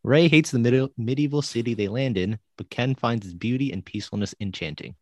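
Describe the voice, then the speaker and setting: A man's voice: medium pitch, a little fast, darkish tone, no room sound. A man co-hosting a casual movie review podcast, reading a plot summary and then giving blunt opinions. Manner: reads synopses, then blunt enthusiasm. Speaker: podcast co-host.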